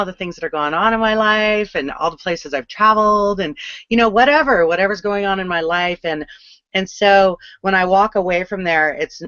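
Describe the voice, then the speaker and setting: A man with a bright, slightly high voice gives friendly sales advice. He fills it with "you know" and "right?" and does not stop to polish his words. The audio is dry and dull, like a video call. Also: no room sound. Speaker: host of an online sales hangout. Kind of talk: casual sales coaching.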